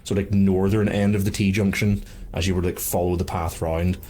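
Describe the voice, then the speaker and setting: A man's voice: low-pitched, little pitch movement, a little fast, mellow. Rambling self-deprecating male game master. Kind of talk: narrating a tabletop game.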